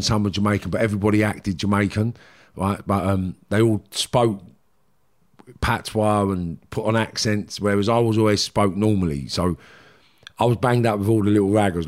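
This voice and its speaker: Speaking as an interview guest, a middle-aged Londoner with a Cockney accent rambles bluntly through his past, repeatedly asking "do you know what I mean." His voice is on the low side with a darkish tone, fitting the candid storytelling.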